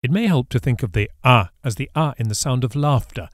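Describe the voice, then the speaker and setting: Speaking briskly in a mid-range voice, a man teaches Spanish from a script, patiently explaining and carefully sounding out every example word as a clear model. The sound is dry and studio-clean.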